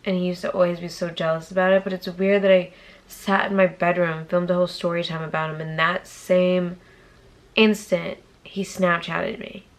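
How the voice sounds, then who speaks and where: A woman's voice: lowish voice, little pitch movement, moderate pace. A young woman from Massachusetts telling a casual storytime vlog, chatty and profane, with whispered asides. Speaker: YouTuber.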